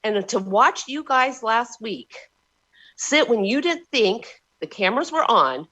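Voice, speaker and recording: A woman's voice: on the high side, very animated, measured pace, pushed and bright. A woman giving emotional, frustrated public testimony to a county board by remote call-in. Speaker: public commenter. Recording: dull lo-fi remote audio.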